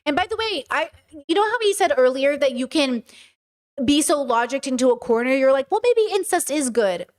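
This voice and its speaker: A woman's voice: sits high, brisk. A woman hosting a livestream, talking casually and animatedly, acting out mock voices to make her points. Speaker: streamer and podcast host.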